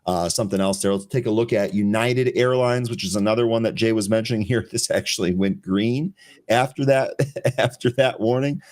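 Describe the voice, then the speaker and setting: A man's voice: lowish voice, fairly quick, a little mellow. A man hosting a live pre-market trading show, reading headlines and walking through stock charts in a chatty, laughing way. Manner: reads headlines aloud and checks charts while chatting.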